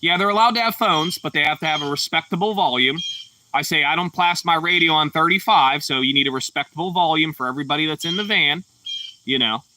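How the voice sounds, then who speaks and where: Laid-back bright-voiced man streaming. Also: a little high, distant mic, a little hiss or hum. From Pittsburgh, Pennsylvania. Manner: laid-back, rambling, frequent fillers. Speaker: livestream host. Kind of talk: casual livestream chat reading comments.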